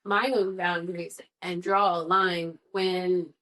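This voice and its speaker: A woman's voice: lowish voice, little pitch movement, slow pace, sharp tone, rough recording. A woman co-hosting a podcast in casual conversation, speaking firmly and earnestly and often listing things one after another. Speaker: podcast co-host.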